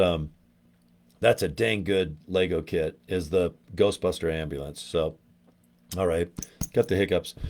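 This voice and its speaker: A man's voice: fairly low pitch, darkish tone. Rambling middle-aged man chatting live. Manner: rambling, chatty, greets viewers by name. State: losing his voice. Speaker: livestream host. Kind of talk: casual livestream chat.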